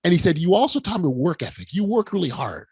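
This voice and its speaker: A man's voice: sits high, fast talker, breathy edge, dry recording. A middle-aged man hosting a podcast conversation, telling a story with lots of restarts and emotion. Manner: animated, stammering restarts, emotional retelling. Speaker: podcast host. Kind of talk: casual conversation.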